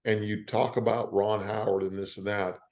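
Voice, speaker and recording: An older man, an actor, being interviewed and telling animated stories about his career, acting out what other people said. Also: lowish voice, normal speed. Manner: animated storyteller who acts out the quoted lines of others. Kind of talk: casual interview storytelling.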